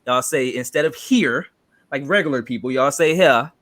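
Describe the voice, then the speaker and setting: A man with a Chicago accent talks through a movie trailer in a casual reaction chat. He is talkative and loose, with lots of fillers and sudden animated bursts. His voice sits at a middle pitch and sounds dry and close to the mic. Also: moderate pace, dry recording.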